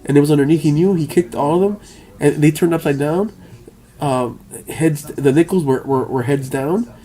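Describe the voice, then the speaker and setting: Male vlogger, rambling profane monologue, stammering restarts, slightly high pitch. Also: normal speed, warm tone. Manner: stammering, repeats words, profane, laughs often.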